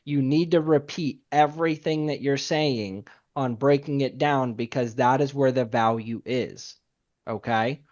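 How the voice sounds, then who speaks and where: A man's voice: mid-range voice, unhurried, a little mellow, highs cut off. A man teaching a sales team, talking with energy, repeating his points and acting out client calls. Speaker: sales trainer. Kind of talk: sales training talk.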